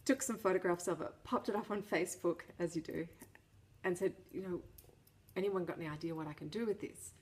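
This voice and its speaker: A woman's voice: fairly low pitch, brisk. A middle-aged woman chatting casually to camera, telling a personal story with a self-deprecating, laughing manner and frequent restarts. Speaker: vlogger.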